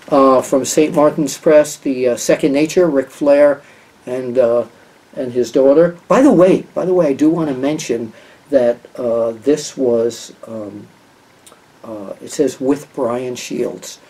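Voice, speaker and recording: A man's voice: medium pitch, mellow, husky. Older man rambling from a distance. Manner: rambling, with many fillers and restarts. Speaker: wrestling journalist giving match picks. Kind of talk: casual talk to camera.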